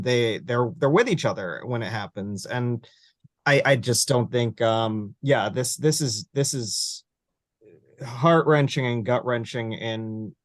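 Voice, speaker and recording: A man's voice: medium pitch, no room sound. A man hosting a casual TV review chat who recaps scenes with many fillers and restarts. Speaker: host.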